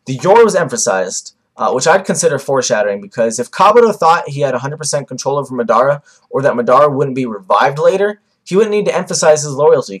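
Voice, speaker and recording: Rambling young man reviewing a comic. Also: medium pitch. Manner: rambling, with many fillers and restarts. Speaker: manga reviewer. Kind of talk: casual video commentary.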